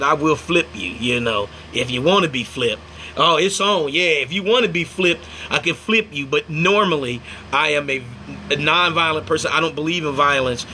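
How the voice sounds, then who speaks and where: This livestream host is a young Indiana man whose voice sits a little high, with a faint hiss or hum in the recording. He's an animated storyteller who performs quoted lines and pauses partway through to thank his viewers.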